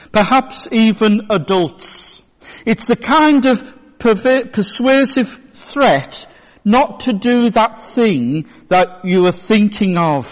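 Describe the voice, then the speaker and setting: High-voiced man preaching a sermon. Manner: measured storytelling. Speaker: pastor. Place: church. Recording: long church reverb.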